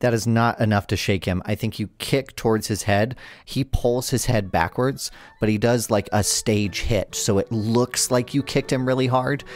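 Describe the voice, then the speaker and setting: A man's voice: mid-range voice, moderate pace, soft background music. A man narrating as game master of a tabletop game, casual and profane. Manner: casual, swearing, laughing often.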